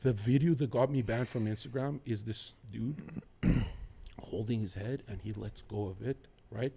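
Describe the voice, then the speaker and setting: A man's voice: mid-range voice, moderate pace, vocal fry, dark tone, breathy edge. A man talking as a podcast guest, rambling and swearing as he jumps from one topic to the next. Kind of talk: casual podcast chat.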